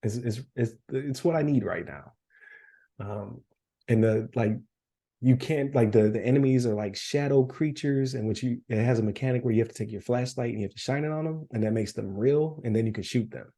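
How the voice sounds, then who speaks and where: Guy rambling about video games on a podcast, gravelly and a bit husky, voice going hoarse. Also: medium pitch, fairly quick, dark tone. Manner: rambling, laughs often, many fillers. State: losing his voice. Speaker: podcast co-host. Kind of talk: casual chat.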